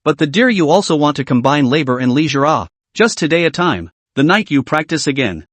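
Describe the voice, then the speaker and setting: A man reading the lines of a gentle but scolding young woman in a story recap. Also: a little high, very animated, a little fast, dry recording.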